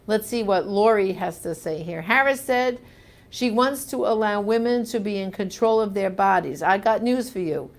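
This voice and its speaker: A woman's voice: medium pitch, normal speed. A woman hosting a live question-and-answer show, reading viewer comments and answering in an emphatic, indignant, chatty way.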